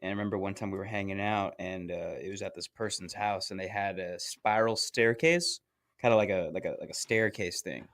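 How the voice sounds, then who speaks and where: A young man co-hosting a podcast, telling a crude college anecdote in relaxed, profane casual chat. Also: low-pitched, brisk. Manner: relaxed, swearing, chiming in with his own anecdote. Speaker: podcast co-host.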